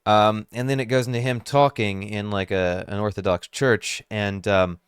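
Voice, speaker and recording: Guy doing a reaction vid, chill and wry, smooth clean voice, real dry close mic. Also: lowish voice, steady tone, moderate pace, no echo. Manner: casual, musing and wry, thinking aloud. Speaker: YouTube commentator. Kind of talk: reaction commentary.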